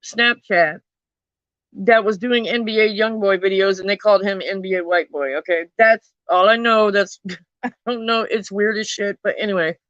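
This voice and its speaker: Chatty woman with a bright voice. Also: medium pitch, normal speed, no echo, dull audio. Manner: chatty, swears freely, laughs at the story. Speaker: true crime vlogger. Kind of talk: casual storytelling.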